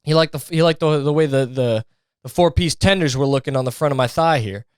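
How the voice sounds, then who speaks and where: A man's voice: a little high, a little fast, clean tone, no echo. A young man hosting a podcast, telling stories in a rambling, profane, joking way and mimicking people for laughs. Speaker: podcast host. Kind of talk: casual comedic monologue.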